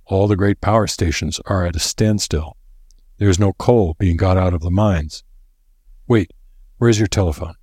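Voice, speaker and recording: A man's voice: deep voice, darkish tone, husky, no echo, studio quality. A man voicing a grim, solemn old professor who lays out grave warnings in a storybook reading. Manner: grave and deliberate.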